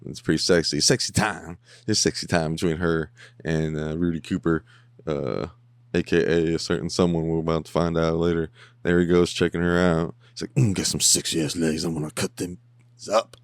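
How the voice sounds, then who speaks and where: A low-voiced podcast host rambles and jokes over a TV episode he's watching, humming along and mimicking the characters in mock voices. He speaks at normal speed with fairly even intonation and a smooth tone, wearing headphones on a close mic with a dry sound and no room.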